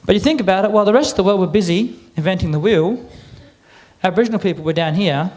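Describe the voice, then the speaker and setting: An Australian man presenting to a live audience, chatty and a little croaky, getting the crowd to repeat words back. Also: sits high, fast, darkish tone. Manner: chatty, quizzes the crowd with call-and-response. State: a bit croaky. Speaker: cultural presenter. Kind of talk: lively audience address.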